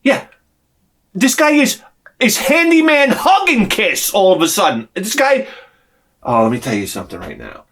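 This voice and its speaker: Man vlogger, exasperated storytelling rant, very lively pitch, cursing freely. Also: moderate pace. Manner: animated, profane, exasperated.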